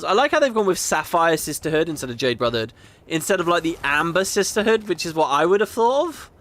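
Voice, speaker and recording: Chatty gaming guy reading stuff aloud, pitch jumps around a lot, kinda high voice. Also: fast talker. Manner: animated, chuckling, mock-dramatic. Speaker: gaming video host. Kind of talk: casual commentary and reading aloud.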